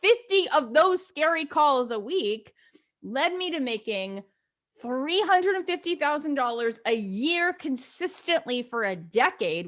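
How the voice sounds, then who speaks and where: A woman hosts a podcast in an animated storytelling voice, pitched a bit high. She acts out her old phone calls as she coaches her listeners. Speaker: podcast host. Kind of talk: conversational coaching talk.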